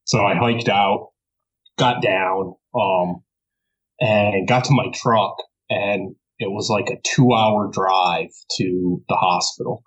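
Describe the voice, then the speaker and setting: A man from New York, a podcast guest, telling a story in a casual, animated way, laughing often and swearing freely. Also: low voice, slow, lo-fi sound.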